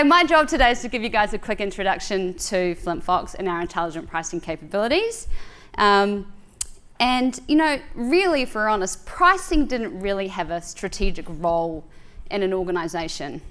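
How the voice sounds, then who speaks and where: A woman's voice: medium pitch, lively intonation, moderate pace, a bit bright. A woman from New Zealand with a Kiwi accent, giving a playful conference keynote full of puns. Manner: punning, playful stage delivery. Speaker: keynote speaker. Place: large conference hall.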